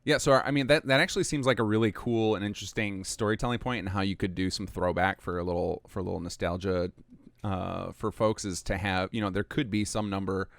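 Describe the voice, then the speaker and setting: A man hosting a podcast, chatting casually with his guest, laughing easily and filling pauses with ums and uhs. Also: low-pitched, fairly even intonation, vocal fry, no echo. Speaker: podcast host.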